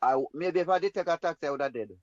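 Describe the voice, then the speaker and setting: Man with a jamaican accent, high voice, rambling emphatic patois story, dull lo-fi dry recording. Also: rapid-fire, a little mellow, no room sound. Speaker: guest storyteller. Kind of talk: personal story in an interview.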